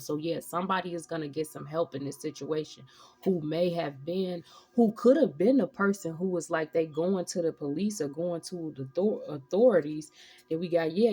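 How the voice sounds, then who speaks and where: A woman's voice: deep voice, warm tone, breathy edge. A woman giving a casual tarot reading, rambling and profane with streetwise slang. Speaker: tarot reader.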